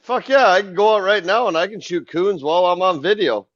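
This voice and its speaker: A man's voice: high-pitched, fairly quick, fairly bright tone, highs cut off. A man from North Dakota joking bluntly in a casual podcast chat.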